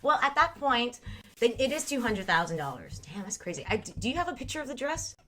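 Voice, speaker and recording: A woman's voice: fairly high pitch, big pitch swings, fast talker, sharp tone, a little hiss or hum. A woman in her thirties hosting a casual livestream, reading chat aloud and talking frankly with frequent laughter. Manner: frank, chatty, laughs often. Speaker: livestream host.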